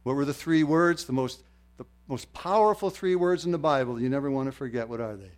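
An older man preaching a sermon, moving from quiet storytelling to loud, fervent exclamations. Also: medium pitch, a little fast. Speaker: pastor.

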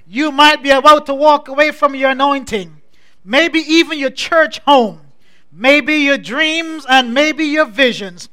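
A man preaching a sermon as pastor, building through repeated refrains that rise in a preaching cadence. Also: extremely high pitch. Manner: repetitive, rising preaching cadence; measured, soft-spoken scripture introduction.

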